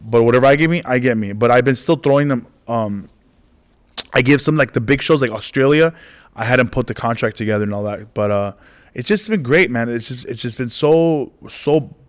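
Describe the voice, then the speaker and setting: A man in his forties, a comedian telling stories in a casual interview, rambling and animated, acting out the dialogue. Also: mid-range voice, moderate pace. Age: 40s. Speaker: comedian guest.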